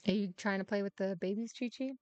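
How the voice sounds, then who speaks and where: A woman's voice: mid-range voice, fast, darkish tone, dry recording. A woman chatting casually through her gameplay, teasing and muttering to herself as she plays. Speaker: gaming streamer.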